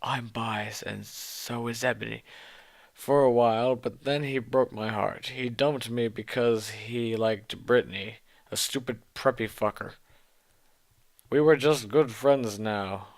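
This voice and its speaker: A young man reads a story aloud with mock drama and weary, mocking asides. His voice is gravelly and unhurried, recorded close and dry. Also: mid-range voice, fairly even intonation, no echo. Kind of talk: sarcastic dramatic reading of fan fiction.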